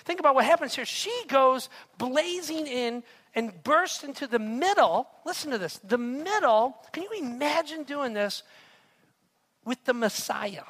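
A man preaches a sermon in an animated storytelling manner. He keeps turning to his listeners with rhetorical asides and questions. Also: very high-pitched, moderate pace, husky. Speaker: pastor.

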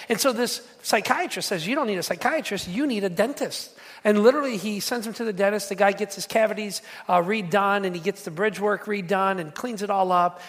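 A man preaching a sermon to his congregation, telling stories with emphatic, repetitive phrasing. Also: high voice. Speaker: pastor.

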